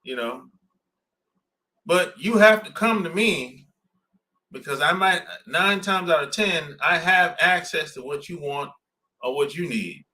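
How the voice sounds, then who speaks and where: A man's voice: fairly high pitch, unhurried, long pauses, pushed and bright. A man in casual podcast chat, blunt and slangy, laughing often as he talks. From southern United States. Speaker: podcast host.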